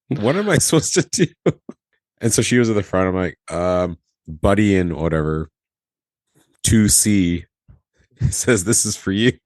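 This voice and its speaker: Here a man with a low-pitched voice, formerly a flight attendant, recounts a story casually for a podcast. He's animated, acts out what people said and laughs often, all in a dry recording.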